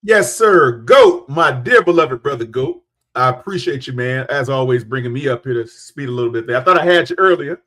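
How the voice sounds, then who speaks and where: Male panelist, mid pitch, effusive, casual. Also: expressive, fairly quick. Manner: warm-hearted, effusive thanks. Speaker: podcast panelist. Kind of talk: casual chat.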